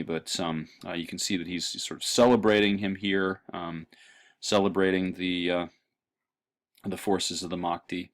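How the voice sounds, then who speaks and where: A male history lecturer giving a halting classroom lecture with lots of ums and uhs and a dry throat. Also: low voice, steady tone.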